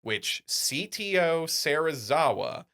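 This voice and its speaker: Male co-host, bright and forceful tone, rapid rambling chat. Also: fairly high pitch, big pitch swings. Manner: fast, rambling film commentary. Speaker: podcast co-host. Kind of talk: casual chat.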